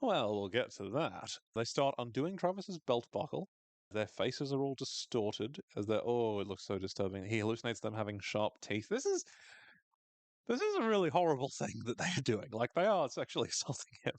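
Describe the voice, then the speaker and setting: A man's voice: mid-range voice, very animated, moderate pace, dry recording. A man hosting a podcast, recapping a TV episode in casual chat, swearing freely and acting out characters' lines in funny voices.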